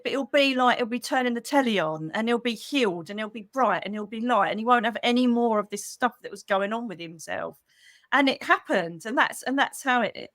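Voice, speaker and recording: A woman's voice: medium pitch, no room sound, studio quality. Chatty woman telling a story. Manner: chatty, animated storytelling, acts out quoted voices, calls people darling. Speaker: psychic medium host. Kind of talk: livestream storytelling to members.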